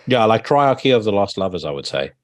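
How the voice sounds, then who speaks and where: Podcast host, male, low voice, dry close sound, casual and animated. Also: fast talker, no echo. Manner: animated, swearing, laughing, many restarts. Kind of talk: casual music review chat.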